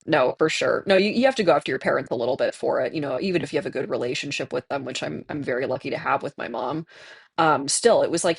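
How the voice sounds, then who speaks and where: A streamer in their twenties, hoarse from tonsillitis, chatting candidly with viewers and laughing often while playing a game. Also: mid-range voice, animated, fast, dry recording. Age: 20s. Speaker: livestreamer reading chat.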